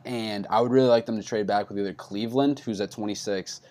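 A fairly low-voiced man from New York co-hosts a casual football podcast. He talks animatedly, and his voice leaps up whenever he pushes back on a point. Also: fast talker. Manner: animated, pitch jumps up when arguing. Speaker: podcast co-host. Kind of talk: casual sports chat.

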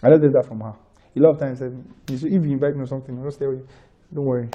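Man, Nigerian accent, pastor preaching, very mellow dark tone, keeps asking "are you with me". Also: mid-range voice, fairly even intonation, rapid-fire, lo-fi sound. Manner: checks in with listeners constantly; repeats phrases for emphasis. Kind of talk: conversational sermon.

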